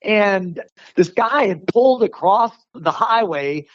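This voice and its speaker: A man telling a story in a casual, animated way, often laughing and restarting his sentences. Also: high voice, slow, no room sound, muffled recording. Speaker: martial arts instructor, podcast guest.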